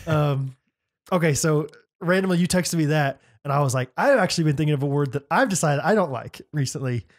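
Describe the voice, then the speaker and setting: A man's voice: a little high, a little fast. A young man co-hosting a podcast in casual chat, teasing and acting out mock voices. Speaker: podcast co-host.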